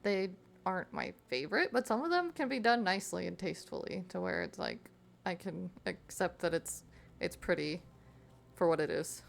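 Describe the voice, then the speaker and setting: Giggly streamer woman with a gravelly edge. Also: fairly low pitch, big pitch swings, moderate pace. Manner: chatty, giggly, reads chat aloud. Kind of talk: casual chat with live chat while crafting.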